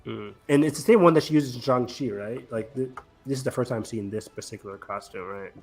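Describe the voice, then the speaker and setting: A man's voice: mid-range voice, a little fast. Enthusiastic man hosting a casual chat. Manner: enthusiastic, many fillers. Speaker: podcast host.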